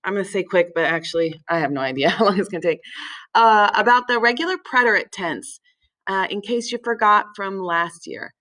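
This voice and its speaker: A woman teaching a recorded language lesson in a relaxed way, with many fillers, slowing down to spell words out. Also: medium pitch, poor audio. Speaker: Spanish teacher.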